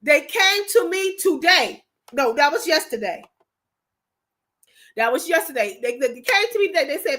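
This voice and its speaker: This Michigan woman hosts a casual livestream, her fairly high voice expressive and slightly bright, moving at normal speed but broken by long pauses. She addresses viewers emphatically, going over the same points again in an emotional, preachy way.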